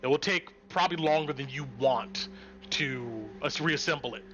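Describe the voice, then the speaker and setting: Guy running a tabletop game, bright forceful voice kinda high, measured descriptions with lots of ums. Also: lo-fi sound, slight background noise. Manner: measured descriptive narration with fillers. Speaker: game master.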